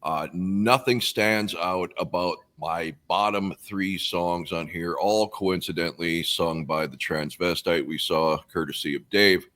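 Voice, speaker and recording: Deep-voiced blunt sarcastic man. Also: measured pace, hardly any pauses, a bit bright. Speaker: podcast host. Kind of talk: casual album ranking chat.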